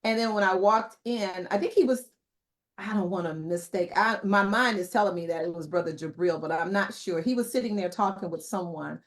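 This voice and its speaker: A middle-aged woman speaks as an interview guest, her voice sitting at an ordinary middle pitch. She tells her memories reflectively, with soft fillers and pauses. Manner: reflective, warm storytelling with many fillers. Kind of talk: conversational interview testimony.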